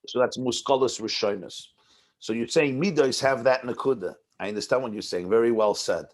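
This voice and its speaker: A man's voice: mid-range voice, a little fast. A man teaching a text-based class as a rabbi, explaining ideas in a conversational way and often repeating words as he builds a point. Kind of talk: text-based lecture on a Hasidic discourse.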